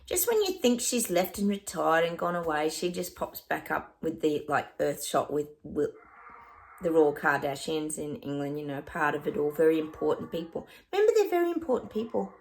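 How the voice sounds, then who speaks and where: Aussie psychic lady chatting to camera, kinda low voice, rambly and laughy. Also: normal speed, vocal fry. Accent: Australian. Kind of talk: casual chat to camera.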